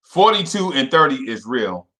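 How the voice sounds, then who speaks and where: A young man hosting a casual fan livestream, repeating himself and shouting out viewers by name. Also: medium pitch, very animated, moderate pace.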